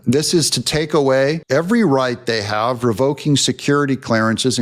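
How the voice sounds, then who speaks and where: Male commentary host, mid-range voice, alternates reading articles with sarcastic opinion. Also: mid-range voice. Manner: opinionated, sarcastic asides between read passages. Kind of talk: reading news aloud with commentary.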